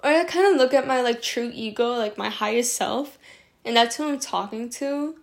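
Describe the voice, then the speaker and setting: Chatty young woman with a gravelly, raised voice. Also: fairly high pitch, normal speed. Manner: chatty, rambling, lots of "like" fillers; affectionate toward listeners. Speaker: podcast host. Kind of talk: casual podcast talk on self-soothing.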